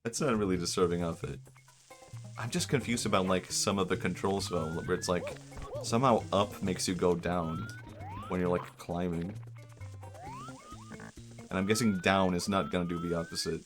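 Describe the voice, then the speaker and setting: Deep-voiced male streamer rambling over game music. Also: fairly even intonation, normal speed, long pauses. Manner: rambling, jokey, thinks aloud. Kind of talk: casual gameplay commentary.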